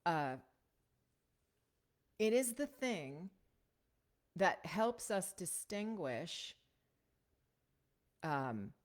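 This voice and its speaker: A woman teaching voiceover technique in a casual, conversational way, often checking in with a quick "right?". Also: fairly low pitch, big pitch swings. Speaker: voiceover coach.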